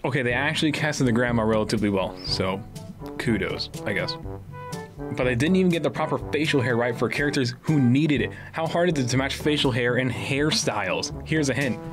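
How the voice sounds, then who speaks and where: Young dude hosting a student movie-roast bit, fed up and ranty, music going behind him. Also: male voice, mid-range voice, brisk. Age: young adult. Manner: exasperated, ranting. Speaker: segment host, movie critic. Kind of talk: scripted comedic movie rant.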